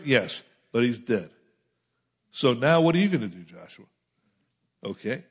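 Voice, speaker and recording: A middle-aged man preaching a conversational sermon, building to emphatic peaks and dropping into quiet asides. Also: a little high, normal speed. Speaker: pastor. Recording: muffled lo-fi sound.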